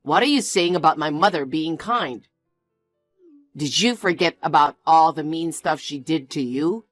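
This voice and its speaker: A woman's voice: sits low, lively intonation, unhurried, soft background music. A woman voicing a defensive, bossy young man who talks in a curt, scolding way. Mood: irritated.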